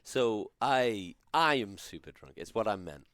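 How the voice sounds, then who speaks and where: A man's voice: fairly low pitch, big pitch swings, measured pace, a bit bright, no room sound, studio quality. A drunk man hosting a casual podcast. He rambles, loses his train of thought and laughs a lot. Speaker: podcast host. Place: home studio.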